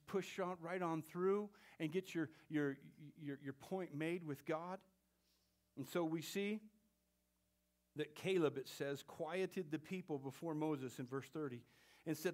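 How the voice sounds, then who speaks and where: A man preaching a sermon to his church, playful with the congregation, swinging between loud exclamations and hushed whispers. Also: on the high side. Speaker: pastor.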